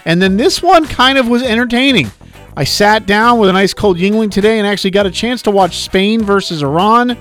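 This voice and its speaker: A man's voice: sits high, brisk, a bit bright, soft background music. A man co-hosting a sports talk radio show, chatting loosely and reading out the segment rundown.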